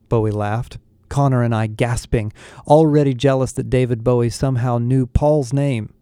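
Mellow-voiced male audiobook narrator. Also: mid-range voice, steady tone, moderate pace, clear, resonant tone, no echo, clean studio sound.

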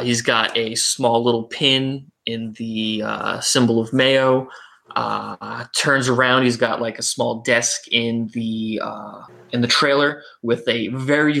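A man running a tabletop role-playing game as game master, narrating scenes with frequent halting fillers. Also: medium pitch, vocal fry, bright, forceful tone.

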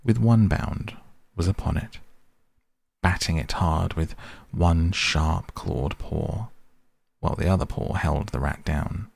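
Guy narrating a storybook, really low gravelly voice, dry close sound. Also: takes it slowly, a little mellow, no room sound. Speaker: audiobook narrator. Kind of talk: scripted narration.

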